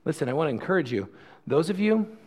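A man's voice: a little high, sing-song, fast, a little mellow, breathy edge. A male pastor preaching a sermon about communion, earnest and conversational, often restarting his phrases.

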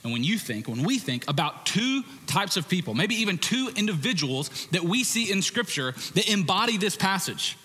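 Pastor preaching in a reverberant hall. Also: male voice, high voice, very animated, normal speed, hardly any pauses, pushed and bright. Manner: conversational, joking asides. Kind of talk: sermon.

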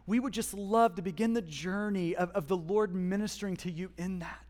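High-voiced impassioned preacher in a hall. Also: male voice, fairly even intonation, normal speed. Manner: impassioned, swings from hushed to loud emphasis. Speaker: pastor. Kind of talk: sermon. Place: church hall.

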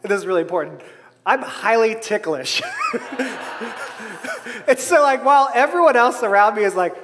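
Man, very high voice, preacher, joking sermon, laughs a lot, echoing hall. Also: animated, normal speed, background noise. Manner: humorous, self-deprecating, laughs often. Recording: long hall reverb.

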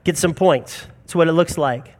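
A man's voice: fairly high pitch, normal speed, a little mellow. A man in his forties preaching a sermon in an earnest, emphatic storytelling manner. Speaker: pastor.

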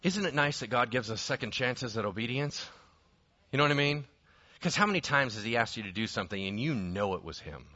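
Bright-voiced, animated preacher, lo-fi. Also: male voice, medium pitch, brisk. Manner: animated storytelling, swings from hushed to shouting. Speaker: pastor. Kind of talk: sermon.

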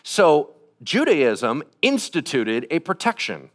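A man's voice: fairly high pitch, wildly swooping pitch, slow. A middle-aged man preaching a casual, conversational sermon, acting out quotes as he goes. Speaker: pastor.

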